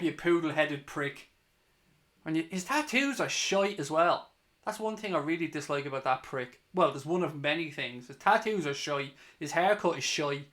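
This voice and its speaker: A man's voice: a little high, moderate pace, fairly bright tone. A man doing live match reaction as a fan channel host, mixing play-by-play with heated, sweary rants.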